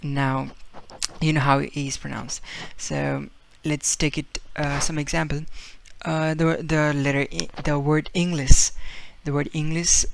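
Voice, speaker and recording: A man's voice: on the high side, flat delivery, a little slow, gravelly, a little hiss or hum. A man giving a casual video language lesson, explaining with fillers and repeating example words as he acts them out. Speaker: Spanish teacher.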